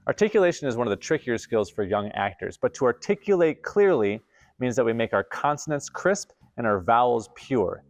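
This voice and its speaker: Speaking in a mid-range voice and very animated, a man hosts a theater camp session, walking through acting technique in clear, deliberate narration from a script.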